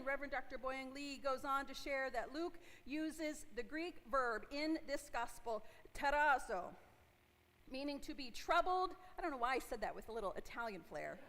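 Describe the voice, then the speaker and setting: A woman's voice: high-pitched, lively intonation, normal speed, fairly bright tone. A woman in her forties, a pastor giving a conversational sermon and asking her congregation questions. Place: church sanctuary. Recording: long hall reverb from a church.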